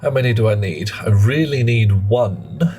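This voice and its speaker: A man's voice: fairly low pitch, normal speed, a little mellow, soft background music. A British man chatting playfully with viewers while live-streaming a game and thinking aloud. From Britain. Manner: chatty and playful, greets chat, muses aloud. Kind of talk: live gameplay commentary.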